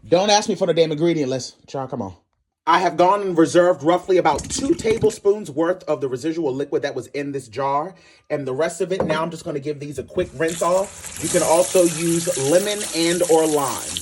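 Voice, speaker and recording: A man from Maryland hosting a casual cooking tutorial in his home kitchen, sassy and animated, calling viewers honey and swearing casually. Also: medium pitch, husky. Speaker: cooking channel host.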